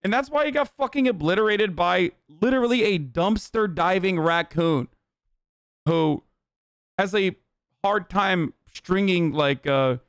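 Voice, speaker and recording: A man's voice: high voice, clean tone, no room sound, studio quality. A man in his thirties doing casual livestream commentary, blunt and profane in an opinionated rant. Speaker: streamer reacting to videos.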